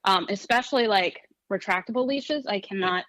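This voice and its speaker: A woman guest who trains dogs, talking in an interview in a lively, emphatic way and often restarting phrases. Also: on the high side, normal speed, no room sound. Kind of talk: conversational interview. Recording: dull lo-fi audio.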